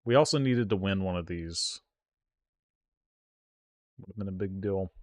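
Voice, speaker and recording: A lower-pitched man talks through his card game at an unhurried pace, recorded dry and close. He reacts out loud to every play, yelping and groaning as he addresses his chat. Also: no echo. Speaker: streamer playing an online card game. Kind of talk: live gameplay commentary.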